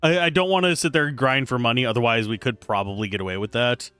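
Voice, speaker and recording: A man's voice: medium pitch, fast, a bit bright, smooth, no room sound, faint music behind. A man streaming a game live, chatting casually and joking while reading game text aloud. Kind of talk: casual live gameplay commentary.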